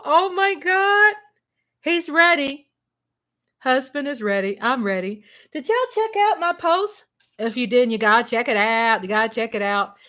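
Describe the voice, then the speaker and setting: A woman hosting a casual livestream from home, chatty and excitable, breaking into shouts and laughter. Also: on the high side, moderate pace. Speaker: livestream host.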